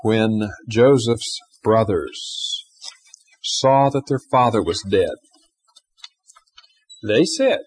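A man preaching a sermon, swinging between loud emphatic stretches and hushed, quiet asides. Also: on the low side, lively intonation, a little slow, breathy edge. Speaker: pastor.

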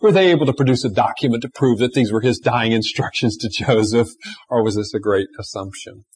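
Male pastor preaching, husky voice at a middle pitch, animated and dynamic delivery. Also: a little fast. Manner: animated, swings between loud emphasis and hushed asides. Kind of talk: sermon.

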